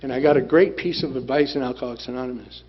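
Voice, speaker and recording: A man's voice: medium pitch, quick pace. A man sharing his recovery story at a group meeting, plain-spoken and blunt, repeating phrases for emphasis. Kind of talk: personal testimony talk. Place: meeting room. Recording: dull lo-fi room recording with faint noise.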